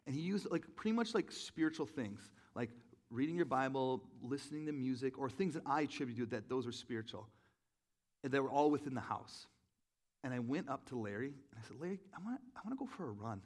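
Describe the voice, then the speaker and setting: A man preaching a sermon in a relaxed, storytelling way, with many "like"s and restarts, poking fun at himself. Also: medium pitch, a little fast. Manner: conversational, self-deprecating storytelling with many fillers. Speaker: pastor.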